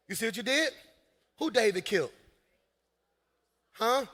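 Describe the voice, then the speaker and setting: A man preaching in a large church hall, with a high, bright, cutting voice. He works the crowd and builds to shouted peaks. A long reverb trails every line. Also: a little slow, long pauses. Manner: energetic preaching with shouted peaks and call-and-response asides. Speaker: senior pastor. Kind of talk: live sermon.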